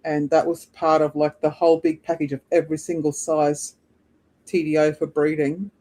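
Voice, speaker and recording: A man with a slightly raised pitch and a mellow, soft tone. He talks in a loose, rambling way, full of fillers. It is easygoing, casual chat. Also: flat delivery, normal speed.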